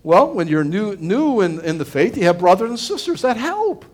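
High, animated man preaching earnestly. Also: normal speed. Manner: earnest, rambling, frequent restarts and fillers. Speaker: pastor. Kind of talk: conversational sermon.

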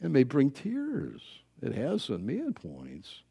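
A man preaching a sermon as pastor, swinging between loud emphasis and quiet asides. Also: mid-range voice, huge pitch swings, slow, creaky, husky.

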